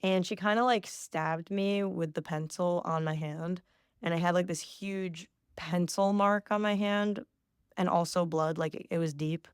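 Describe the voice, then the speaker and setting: A woman's voice: fairly low pitch, fairly even intonation, measured pace, clean tone, no room sound, clean studio sound. A woman in her twenties hosting a podcast, telling a personal story in a chatty, self-mocking way with lots of "like". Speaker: podcast host. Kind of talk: casual solo podcast storytelling.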